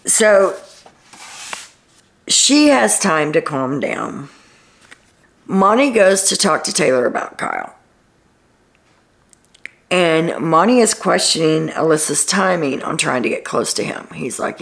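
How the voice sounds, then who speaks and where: Gravelly-voiced woman recapping reality TV. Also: sits low, sing-song, slow, pauses often. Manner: chatty storytelling, frequent "he's like" quotes. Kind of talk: casual recap commentary.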